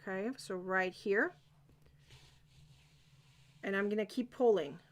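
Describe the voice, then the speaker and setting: A woman's voice: mid-range voice, takes it slowly. A woman teaching a live crochet-along, chatty and encouraging, often checking that viewers are following.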